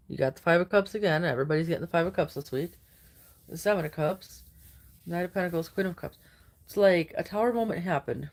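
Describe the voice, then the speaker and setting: A woman's voice: fairly low pitch, a little fast. A woman giving a casual weekly tarot reading, sleepy and yawning, rambling with loose fillers and trailing thoughts. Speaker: tarot card reader.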